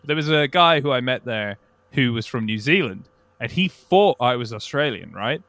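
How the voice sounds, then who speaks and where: A man's voice: mid-range voice, animated, normal speed, a bit bright, no room sound. A man co-hosting a casual podcast, telling stories in a chatty, self-mocking way. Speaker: podcast co-host.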